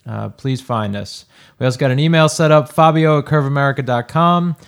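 A man's voice: mid-range voice, fairly quick, creaky, clean tone. A man hosting a casual sports podcast, running the segments and reading the rundown in an upbeat way. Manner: upbeat, runs the show and reads the rundown. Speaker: podcast host.

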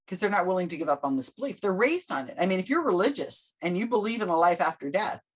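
A husky, breathy woman from the United States, in her middle years, telling a story as a podcast guest. She talks in a loose, chatty way. She keeps jumping into the voices of the people she quotes. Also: fairly low pitch, very animated, fast. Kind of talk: casual podcast interview.

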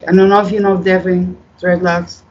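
A guest talks loosely through an interview, halting often and swearing freely. The voice sits at a middling pitch. The recording is dull and lo-fi. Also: level tone, a little hiss or hum. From Netherlands. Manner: rambling, halting, many fillers, swears freely. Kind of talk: casual storytelling.

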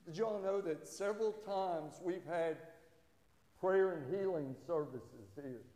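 A man's voice: high-pitched, a little slow, dark tone. A man preaching a sermon as a pastor in a church, with rising fervor. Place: church sanctuary. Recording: echoey hall.

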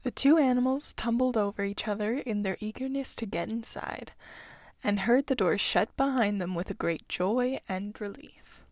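A young woman hosting a book podcast and reading a classic story aloud in a calm storytelling manner. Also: mid-range voice, gravelly, no echo. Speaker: podcast host and reader. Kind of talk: audiobook reading.

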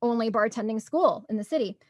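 A woman's voice: a little high, fairly quick, a little mellow, no echo, studio quality. A young woman telling stories in a casual chat, bubbly and laughing often.

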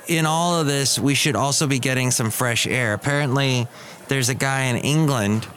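A man hosting a casual solo podcast, talking in a chatty way with sarcastic asides and often mimicking other people in a high voice. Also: a bit bright. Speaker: podcast host.

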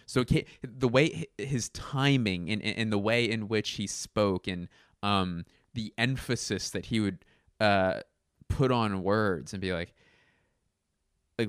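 A low-voiced man talks in a loose, rambling way, piling up fillers and restarting sentences as he gets animated. The recording is dry and close, with no room sound around him. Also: no echo. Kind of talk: casual chat.

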